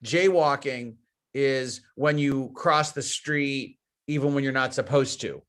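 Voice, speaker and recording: A man's voice: mid-range voice, slow, fairly bright tone, smooth. A man with an American accent giving a webinar lecture, explaining through step-by-step cultural examples and repeating key phrases. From United States. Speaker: guest speaker.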